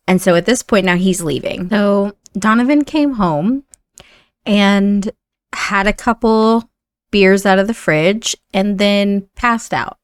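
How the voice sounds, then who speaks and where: A woman's voice: mid-range voice, takes it slowly, clean tone, dry recording, clean studio sound. A woman with an Indiana accent chatting as she narrates the story of a life-sim game. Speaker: game commentator.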